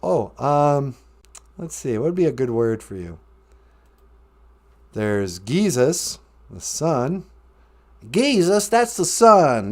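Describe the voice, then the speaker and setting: Low-key deadpan guy hosting a podcast, soft voice, pitch moves around. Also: slow pace, pauses often. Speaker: podcast host. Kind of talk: casual comedic podcast chat.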